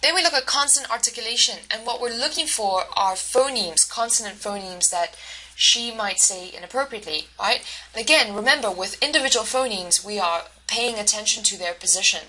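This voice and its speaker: A woman's voice: on the high side, fairly quick, sharp tone, poor audio. A woman instructor giving a recorded lecture, explaining step by step with fillers and restarts. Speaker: university instructor.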